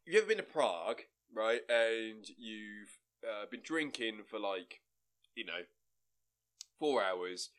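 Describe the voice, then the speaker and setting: Bright-voiced man chatting loosely. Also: on the low side, lively intonation, slow pace. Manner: rambling, sweary, restarts sentences. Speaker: podcast co-host. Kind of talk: casual chat.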